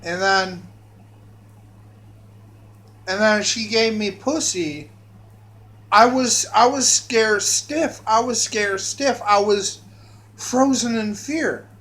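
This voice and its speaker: High-voiced, slow-talking man rambling. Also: fairly bright tone. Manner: repetitive, restarts phrases often. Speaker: storyteller. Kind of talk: rambling spoken monologue.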